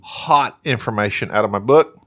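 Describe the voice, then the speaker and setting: A man's voice: on the low side, moderate pace, fairly bright tone, no echo, studio quality. A man from Texas with a Southern accent, playfully reading out trivia and joking as a podcast co-host. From Texas, USA. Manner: playful, laughing, reads trivia aloud. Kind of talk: casual chat.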